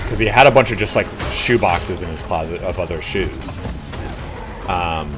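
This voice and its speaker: A man's voice: sits low, normal speed, over music. A young man streaming a game, telling a crude story in casual chat and acting out the voices in it. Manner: animated, crude, acts out the voices in his stories. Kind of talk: casual storytelling while gaming.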